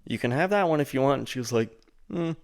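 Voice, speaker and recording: A man hosting his own show, telling a rambling personal story full of "like" and "and then," putting on a higher voice to mock what others said. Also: lively intonation, quick pace. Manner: mocks the friend's lines in a higher voice. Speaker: show host. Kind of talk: casual storytelling.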